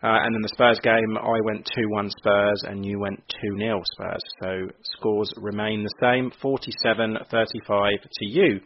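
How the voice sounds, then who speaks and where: Husky man hosting a football podcast. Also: lowish voice, steady tone, measured pace, few pauses. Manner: upbeat, laughs often, reads out league scores. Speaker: podcast host. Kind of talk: casual podcast chat. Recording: dull lo-fi audio.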